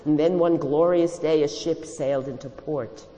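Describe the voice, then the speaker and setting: A woman voicing a fervent, tearful old male communist mentor who lectures and shouts in a storybook reading. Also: low voice, steady tone, normal speed, long reverb tail, voice pushed up, lightly acted, low-quality recording. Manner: shouting, preachy, sweeping speech.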